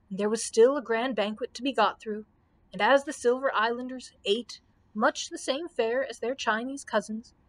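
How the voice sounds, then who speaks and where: A librarian reading a children's storybook aloud, with expressive narration. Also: female voice, a little high. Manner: expressive reading with voiced characters.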